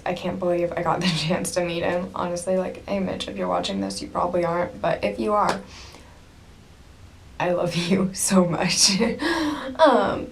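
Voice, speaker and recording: A woman's voice: lowish voice, a little hiss or hum. A young woman vlogging casually to camera, gushing and rambling with lots of "like" and "literally".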